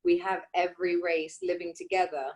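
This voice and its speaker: A woman's voice: fairly low pitch, little pitch movement, fairly quick. A woman co-hosting a podcast, speaking in an outspoken, emphatic way, with sarcasm at times, in casual conversation. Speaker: podcast co-host.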